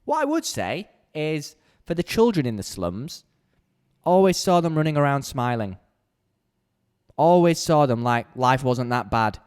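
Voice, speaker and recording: A man's voice: medium pitch, very animated, a little slow, a little mellow, smooth. A young man hosting a solo podcast, talking bluntly and candidly from a small home podcast corner. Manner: blunt, candid, heated when ranting. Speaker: podcast host.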